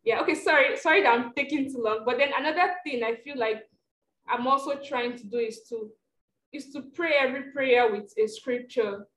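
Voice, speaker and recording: Woman rambling thoughtfully, bit apologetic, higher voice, echoey room w faint hum. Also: normal speed, fairly bright tone. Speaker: participant. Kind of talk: casual faith sharing. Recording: roomy call with faint hum.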